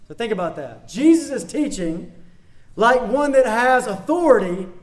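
A man's voice: very high voice, lively intonation, moderate pace. A man preaching a sermon, emphatic, repeating key phrases and putting rhetorical questions to the congregation.

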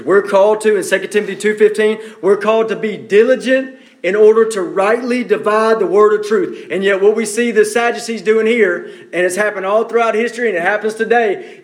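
A man preaching a sermon, emphatic and direct, repeating key phrases for stress. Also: high voice.

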